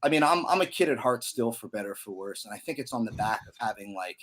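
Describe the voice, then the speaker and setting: A man's voice: medium pitch, lively intonation, fast, a bit bright. Chatty man in his thirties. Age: 30s. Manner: loose and chatty, many fillers and slang. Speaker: podcast guest, musician. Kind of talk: casual storytelling.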